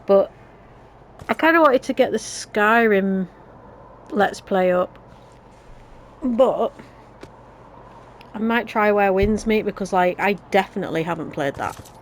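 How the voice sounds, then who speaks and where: A woman's voice: mid-range voice, a little hiss or hum, low-quality recording. A woman with a Yorkshire accent chatting and rambling through casual gameplay commentary. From Yorkshire, England. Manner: chatty and rambling, with restarts and British slang. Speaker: let's play gamer.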